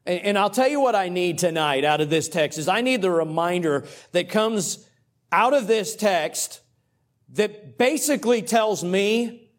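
A middle-aged man, a pastor and coach preaching a sermon through a personal story in a conversational, animated way. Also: high voice. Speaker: pastor and cross-country coach.

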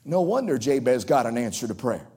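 A male preacher from coastal North Carolina with a Southern accent, delivering a sermon that swings from ringing highs to hushed drops. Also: sing-song, a little fast, slightly rough. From Outer Banks of North Carolina.

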